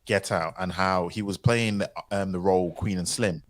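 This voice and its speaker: A man speaking on a podcast panel, telling stories with excitable, incredulous outbursts. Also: low voice, normal speed, no room sound. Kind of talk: casual panel discussion.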